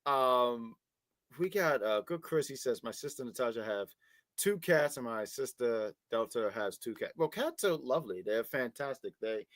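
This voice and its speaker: Animated man chatting on a wrestling review show. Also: medium pitch, normal speed, no room sound. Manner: animated, repeats words, baby-talks to his cat. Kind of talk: casual review chat.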